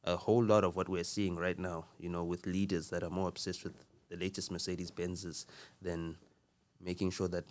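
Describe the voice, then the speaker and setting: Very deep, flat-voiced man. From South Africa. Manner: earnest, measured, with frequent fillers and restarts. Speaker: podcast guest. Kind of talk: casual conversational talk.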